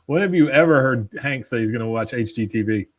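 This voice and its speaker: Casual male podcast co-host, mid-pitched, recaps and laughs at the lines. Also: fast talker. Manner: recaps scenes, reads quoted lines with laughs. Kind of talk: casual episode recap chat.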